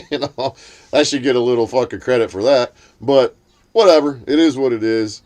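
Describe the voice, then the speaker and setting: Speaking at a moderate pace, a man with a slightly mellow voice recounts a heated story in casual conversation, swearing throughout. When he quotes other people, he switches to a shrill voice.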